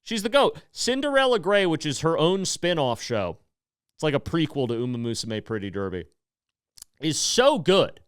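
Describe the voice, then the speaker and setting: A man in his thirties hosts a podcast in a loose comedic monologue, rambling and swearing as he gets worked up. His pitch jumps all over the place, and his voice comes across smooth and clear. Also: very animated, moderate pace, no echo, clean studio sound. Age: 30s. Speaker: podcast host.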